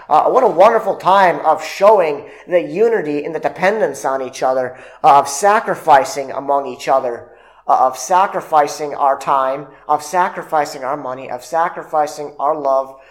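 Man preaching a halting sermon. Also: a little high, poor audio. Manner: halting, with many fillers and restarts; reads scripture aloud in old-fashioned wording.

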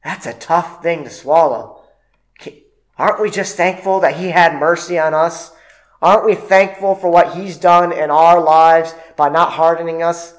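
Man preaching a halting sermon. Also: a little high, fairly even intonation, rough recording. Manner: halting, with many fillers and restarts; reads scripture aloud in old-fashioned wording.

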